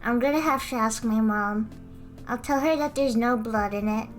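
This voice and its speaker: A woman's voice: on the high side, moderate pace, soft background music. A female streamer chatting casually while she draws, giggling often and answering her chat.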